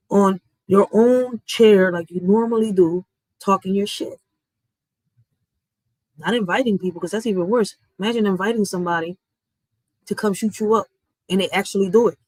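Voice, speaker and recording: A woman's voice: mid-range voice, darkish tone, no echo, poor audio. Blunt ranting woman. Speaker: vlogger. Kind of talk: heated social media commentary.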